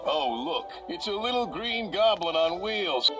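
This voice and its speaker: A man narrating a children's story and voicing many of its characters, switching between put-on voices, cries and shouts. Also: high-pitched, lively intonation, measured pace, few pauses. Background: music.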